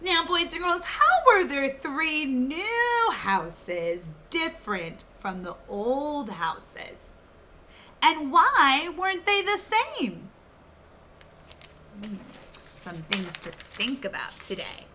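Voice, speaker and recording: Woman, teacher reading aloud to children, expressive storybook voice, very slow, high and bright. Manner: expressive, asking the listeners questions.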